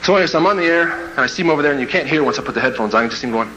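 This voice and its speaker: A man from Kansas giving a motivational speech, telling a story to a live audience in an animated way and acting out scenes with sound effects and quoted voices. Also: a little high, rapid-fire, background noise. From Kansas, USA. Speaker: motivational speaker.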